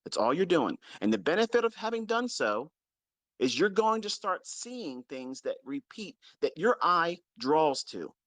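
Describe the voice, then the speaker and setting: A man's voice: a little high, big pitch swings, a little slow, fairly bright tone, no echo. Blunt, profane man scolding his students. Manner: stresses points by repeating them. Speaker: trading mentor. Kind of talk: unscripted ranting lecture to followers.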